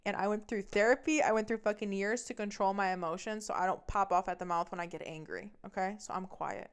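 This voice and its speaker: A woman hosting a podcast, telling a personal story with heavy swearing and a heated, fast delivery. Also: mid-range voice, fairly even intonation, clean tone. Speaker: podcast host.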